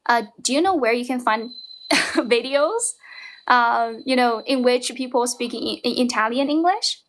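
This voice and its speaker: A woman with a Chinese accent coaching a caller on a livestream from her grandmother's home, encouraging and asking tag questions. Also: high voice. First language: Mandarin Chinese. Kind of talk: live-stream coaching chat. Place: home room, grandmother's house.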